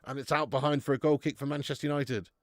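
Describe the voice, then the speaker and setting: A man's voice: medium pitch, fast talker, dry recording, clean studio sound. A young man hosting a live football watch-along, cheering, swearing and chatting with his viewers. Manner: excitable, swearing, banter with chat. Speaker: fan channel host.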